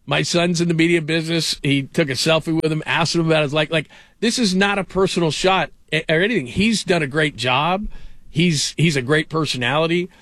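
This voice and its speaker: A man's voice: a little high, fairly quick, a bit bright, no room sound. A middle-aged man hosting a sports radio show, telling stories with many "like" fillers. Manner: rambling storyteller, many "like" fillers. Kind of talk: casual sports talk.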